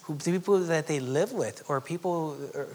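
Pastor, male, from Southern California; dynamic preaching with loud and near-whispered passages. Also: fairly high pitch, normal speed. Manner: dynamic preaching, swinging from loud emphatic lines to soft near-whispers, with chuckles. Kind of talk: sermon.

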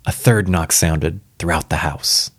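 A man's voice: very deep voice, measured pace, slightly rough, dry recording, clean studio sound. A man reading a spooky story aloud for the first time, casual and reacting aloud between passages. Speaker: reader.

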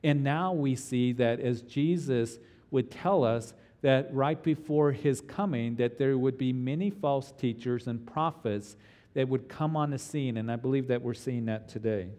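Earnest pastor preaching in a reverberant hall. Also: male voice, medium pitch, unhurried, warm tone. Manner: earnest, emphatic teaching with frequent restarts. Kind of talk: expository sermon.

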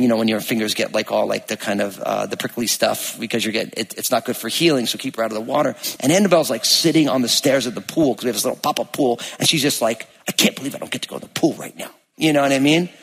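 Storytelling pastor in a reverberant church. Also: male voice, mid-range voice. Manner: conversational, storytelling, many fillers and restarts; builds to raised, emphatic preaching. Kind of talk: sermon with personal stories. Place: church sanctuary. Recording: long hall reverb in a church.

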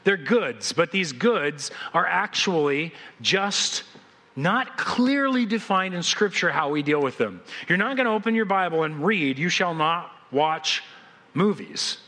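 A male pastor preaching a sermon, telling stories in an animated way with quick restarts. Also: high voice.

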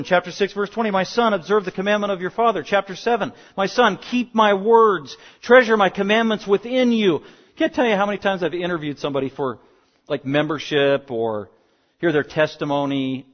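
A pastor preaching a sermon, pleading and swinging between quiet explanation and loud, urgent bursts. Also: male voice, high voice, long reverb tail. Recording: dull lo-fi sound.

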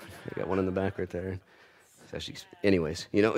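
A man preaching a sermon to a church congregation, swinging from loud, rising calls to hushed asides, with playful humor. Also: low-pitched, steady tone, fast. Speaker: pastor.

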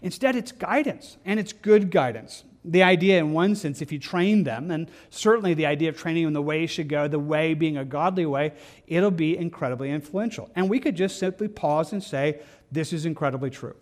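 Brief: male pastor, fairly high voice, earnest and pastoral, sermon delivery with frequent restarts. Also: brisk. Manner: earnest, pastoral, repeats words and restarts phrases.

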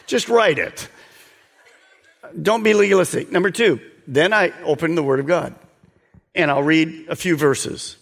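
A man preaching a sermon, earnest and exhorting, sometimes dropping to a soft, slow voice. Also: on the high side, vocal fry, in a large hall. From United States. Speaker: pastor.

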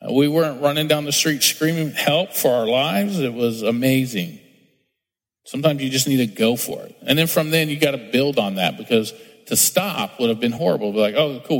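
A man's voice: mid-range voice, a little fast. A male pastor preaching a sermon in a chatty, storytelling way. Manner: conversational preaching, acts out little scenes. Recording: long hall reverb, soft music underneath.

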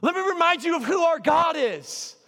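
Guy preaching in church, high voice, goes from shouting to real soft, jokes about himself, big echoey hall. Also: expressive, normal speed, creaky. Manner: swings from shouting to soft, near-whispered asides; self-deprecating, humorous. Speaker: pastor. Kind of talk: energetic sermon. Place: church sanctuary.

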